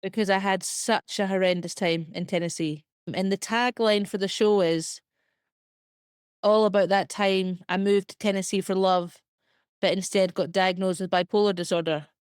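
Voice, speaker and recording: A young woman with a Scottish accent, a comedian talking chattily as a podcast guest, full of "like" and quick laughs. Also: medium pitch, fairly even intonation, clear, resonant tone, no echo, clean studio sound. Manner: chatty, filler-heavy, quick self-deprecating laughs. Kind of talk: casual podcast interview.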